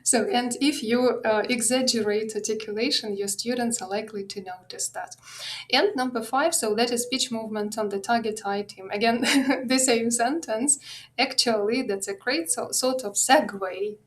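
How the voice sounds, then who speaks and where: Ukrainian-accented woman lecturer, middle-aged, slightly high voice, halting webinar delivery over a video call. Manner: hesitant, many fillers and restarts. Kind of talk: online teaching webinar.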